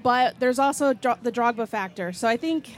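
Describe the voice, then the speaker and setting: A woman with a slightly high voice chats as a guest reporter on a pregame show outdoors at a stadium. She weighs her answers casually and hedges her predictions. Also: moderate pace. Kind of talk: casual chat.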